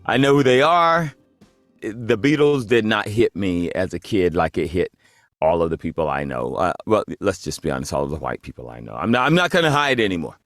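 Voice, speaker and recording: A man, a voice actor, telling a casual anecdote in a lively way and acting out the people he quotes. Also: sits low, brisk, dry recording, faint music behind. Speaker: voice actor guest.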